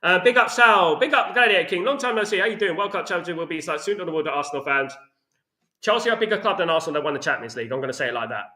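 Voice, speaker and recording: A man's voice: a little high, very fast, hardly any pauses, bright, forceful tone. A man hosting a casual football fan chat, reading out comments and ranting with lots of "you know what I mean". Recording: echoey room.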